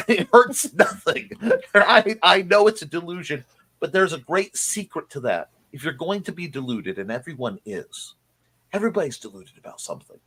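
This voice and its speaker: A man's voice: fairly high pitch, expressive, moderate pace, pushed and bright. A man hosting a live-streamed show, chatting casually and enthusiastically, rambling with frequent restarts and laughter.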